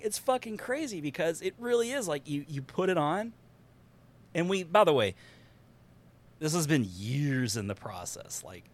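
A man hosting a podcast, talking in an animated, rambling casual way and laughing often. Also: medium pitch. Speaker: podcast host. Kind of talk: excited casual chat.

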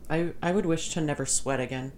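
Young woman w/ a lowish voice, blunt, swears a lot, noisy background. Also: brisk, a little mellow. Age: young adult. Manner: blunt, swearing, laughing often. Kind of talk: casual chat among friends. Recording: clear background noise.

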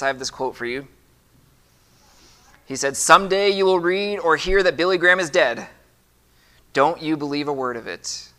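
A man's voice: medium pitch, sharp tone. A man preaching a sermon as pastor, reading scripture aloud with emphasis and putting questions to the congregation.

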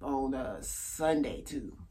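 A man in his thirties, a stand-up comedian chatting on a podcast, laid-back and halting, laughing often. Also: medium pitch, lively intonation, dark tone. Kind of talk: casual podcast chat.

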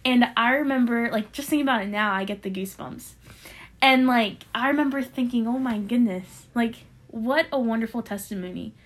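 A young woman casually telling a personal faith testimony on a podcast, animated and full of fillers, acting out what others said. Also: on the high side, brisk. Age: young adult. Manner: animated storyteller with many fillers, acting out quoted voices. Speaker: podcast co-host sharing a testimony.

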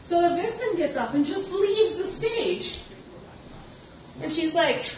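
A woman rambles through a casual podcast monologue at home, blunt and freely profane. Her voice sits back from the mic in an echoey kitchen, with clear noise underneath. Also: very high-pitched, huge pitch swings, measured pace, a little mellow. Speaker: podcast host. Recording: echoey room, far from the mic, noisy.

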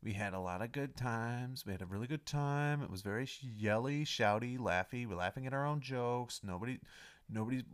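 A man in his thirties hosts a comedy podcast, rambling through a self-mocking intro and swinging from mumbled asides to loud, melodramatic pleading. His voice is medium-pitched, a little fast and clean.

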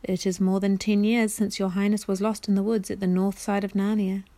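A woman's voice: mid-range voice, flat delivery, a little fast, warm tone, no echo, close to an everyday voice. Woman doing a glum marsh creature. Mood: respectful. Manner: plain, blunt, glum speech. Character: gloomy marsh creature, male, blunt and dutiful.

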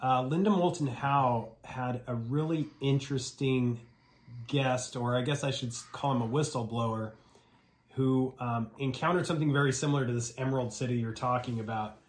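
Halting male podcast host. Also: medium pitch, echoey room. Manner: halting, searches for words with restarts. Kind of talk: casual interview chat.

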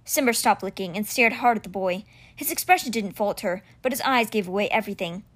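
A woman reading a children's fantasy novel aloud with expressive storytelling. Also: mid-range voice, a little fast. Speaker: audiobook reader.

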